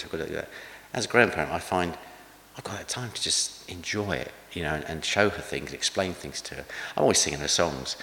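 Older man preaching, low voice, chatty and self-deprecating, long hall reverb. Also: gravelly, sharp tone. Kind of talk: conversational sermon with anecdotes.

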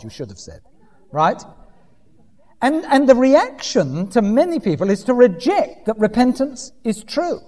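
A man's voice: extremely high pitch, wildly swooping pitch, normal speed, darkish tone. A man preaching a sermon in a church hall, acting out quoted voices with dry humour. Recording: long hall reverb.

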